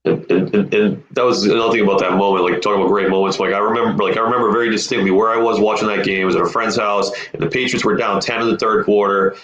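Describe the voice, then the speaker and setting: A man's voice: lowish voice, fairly even intonation, fast talker, few pauses, a bit bright, muffled recording. A man co-hosting a sports podcast, telling an eager story in casual chat. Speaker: podcast co-host. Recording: roomy echo.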